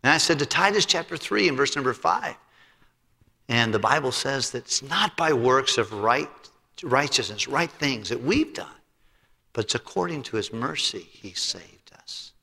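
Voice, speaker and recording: A middle-aged male pastor preaching a sermon and telling a story, acting out both sides of a conversation in a lively way. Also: medium pitch, moderate pace, creaky, husky. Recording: long hall reverb.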